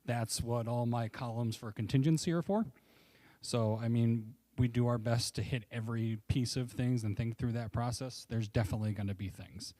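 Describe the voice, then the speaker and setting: A man, a construction manager, answering a school board's questions. He speaks plainly and reassuringly and is aware of how loud he sounds. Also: medium pitch, fairly even intonation, normal speed, no room sound. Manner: plain and reassuring, self-conscious about his volume. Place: public meeting room.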